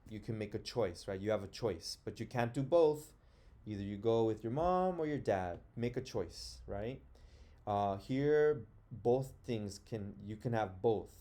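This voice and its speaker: A man's voice: lowish voice, measured pace, mellow. A middle-aged man teaching an online grammar lesson, patiently sounding out words and thinking aloud.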